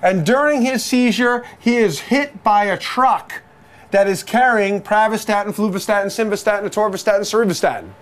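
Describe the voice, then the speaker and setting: A male lecturer with a notably high voice for a man, teaching with theatrical flair. He fires rhetorical questions at his listeners, repeats the answers for emphasis, and drops jokes between the facts. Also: normal speed. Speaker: medical exam review lecturer. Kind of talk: jokey recorded lecture.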